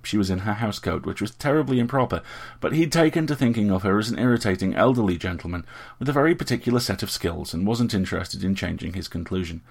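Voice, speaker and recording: A man narrating an audiobook story in a measured, even way. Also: fairly low pitch, vocal fry.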